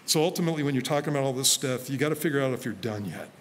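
A male pastor preaches to a congregation in a church sanctuary, relaxed and conversational, telling stories from his own life and quoting himself in asides. His mid-range voice moves very fast, and the large hall carries a little hiss or hum.

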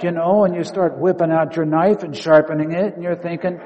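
A male pastor preaching a story-filled sermon, acting out inner dialogue and shifting between quiet and loud. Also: a little high, steady tone, fairly quick, few pauses. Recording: long hall reverb.

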